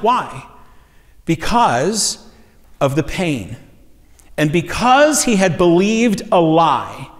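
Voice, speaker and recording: A man preaching a sermon, telling a story earnestly and lifting his voice for emphasis. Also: high voice. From USA. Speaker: pastor teaching a series. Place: church sanctuary. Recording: long hall reverb.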